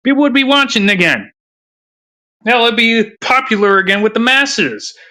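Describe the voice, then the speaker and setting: A man's voice: extremely high pitch, lively intonation, normal speed, bright, forceful tone. A man ranting casually, crude and rambling, with frequent laughter. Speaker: commentator. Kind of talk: casual rant.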